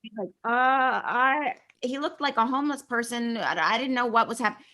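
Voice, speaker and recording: Middle-aged woman from California, guest actress, animated storyteller with a bright, slightly high voice. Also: fast. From California, USA. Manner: animated, chatty, acts out quoted dialogue. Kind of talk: casual interview storytelling.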